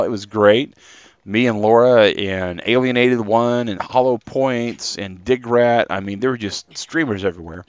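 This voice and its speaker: Chatty man, live-stream game chat, lowish voice, muffled recording. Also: no room sound. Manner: chatty and rambling, talking to chat.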